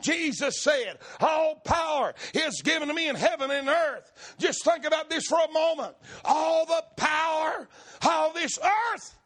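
A man preaching a fervent, shouted sermon, with rhythmic repeated phrases that build up. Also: very high voice, animated, unhurried.

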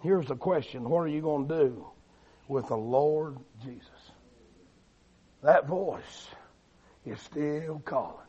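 A man preaching a fiery revival sermon, swinging between loud shouting and low, quiet delivery. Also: slow pace, long pauses, husky. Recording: dull lo-fi recording.

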